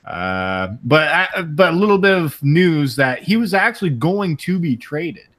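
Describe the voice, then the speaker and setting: A man hosting a casual sports talk show, talking in halting bursts with many restarts. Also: a little high, big pitch swings, fairly bright tone. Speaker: podcast host.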